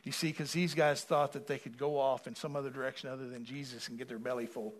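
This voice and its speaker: Preaching at a slightly fast clip, a man with a medium-pitched voice and fairly even intonation moves between hushed asides and loud, building appeals. He keeps calling on the congregation for responses throughout the sermon.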